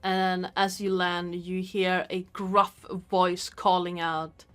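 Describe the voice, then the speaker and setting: A woman's voice: lowish voice, flat delivery, slow pace, a bit bright, clean tone, faint music behind. A woman running a tabletop game as game master, narrating casually.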